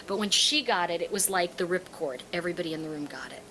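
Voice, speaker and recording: Her voice is fairly low and her pace quick as this woman, who reads tarot and teaches it, chats with an audience. She's a lively storyteller who acts out the quoted characters, and the poor recording carries a little hiss or hum.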